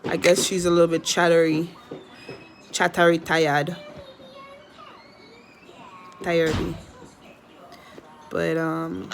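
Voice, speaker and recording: A young woman, chatting casually and rambling to camera at home about her pet parrot. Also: lowish voice.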